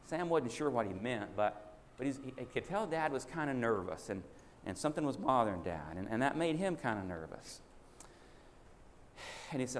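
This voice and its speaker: A man's voice: medium pitch, big pitch swings, moderate pace. A man preaching a sermon as a folksy story. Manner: folksy, acts out child and father voices in a story. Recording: echoey hall with faint hiss.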